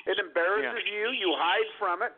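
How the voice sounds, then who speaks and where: Combative man, blunt, high lively voice, tinny phone sound. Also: moderate pace. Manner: blunt, combative, calls people dude. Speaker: co-host. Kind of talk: heated debate on a call-in show.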